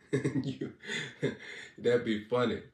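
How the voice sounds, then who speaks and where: Preaching on a live broadcast, a man jokes, teases his listeners, and laughs often in a playful way. His medium-pitched, darkish voice is fairly even and extremely slow. The room is echoey and the mic sits at a distance.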